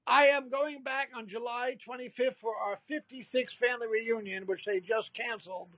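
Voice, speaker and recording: A man in his sixties spins comic anecdotes in an animated, high-pitched voice, jumping into the voices of the people he quotes. The audio is dull and lo-fi, with a dry, close sound. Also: normal speed, no echo. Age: 60s. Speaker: comedian guest. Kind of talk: storytelling in a casual interview.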